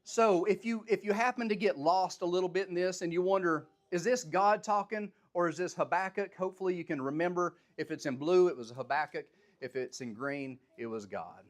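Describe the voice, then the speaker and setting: A man's voice: high-pitched, fairly quick, few pauses. A man teaching a Bible study, reading scripture aloud and then paraphrasing it in plain, everyday speech. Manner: animated, voices the prophet's complaints with rising intensity.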